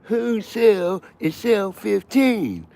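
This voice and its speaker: A man voicing a brash, bossy male prison guard who yells at inmates. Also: lively intonation, creaky, exaggerated voice. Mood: shouting, scolding. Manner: loud, drawn-out, high put-on yelling.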